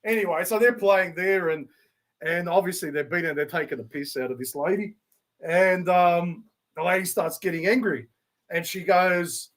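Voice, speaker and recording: An Australian man co-hosting a podcast, telling a crude, lively anecdote in casual chat. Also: high-pitched, moderate pace. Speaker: podcast co-host.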